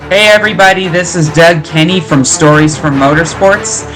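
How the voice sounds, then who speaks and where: A man with a slightly higher voice opens his podcast in an upbeat, scripted way. Music plays clearly underneath him. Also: normal speed, rough recording. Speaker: podcast host. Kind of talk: show intro.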